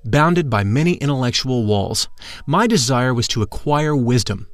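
A man narrating a first-person account in a measured, formal reading voice. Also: mid-range voice, very animated, dry recording, faint music behind.

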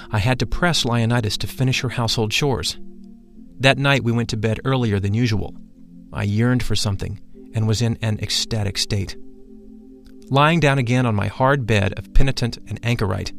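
Male narrator for a first-person spiritual memoir; steady, solemn, mid-range voice, soft music under it. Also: medium pitch. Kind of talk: audiobook narration.

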